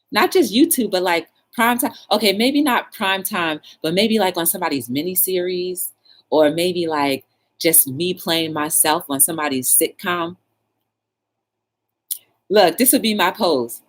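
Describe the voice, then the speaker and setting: A woman hosting her own talk show, chatting casually and coaching a viewer with playful, animated encouragement. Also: measured pace. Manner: animated, playful, coaching with squealing high bursts and laughs.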